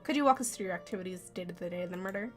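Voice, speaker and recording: A woman's voice: fairly low pitch, rapid-fire, faint music behind, natural voice. A woman voicing an inquisitive young male lawyer who asks pointed, level questions. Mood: inquiring.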